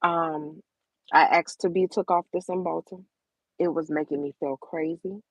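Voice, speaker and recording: Candid low-voiced woman vlogger. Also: steady tone, normal speed, slightly rough, dry recording. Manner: open, emotional, repeats words for emphasis. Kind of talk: candid personal talk to camera.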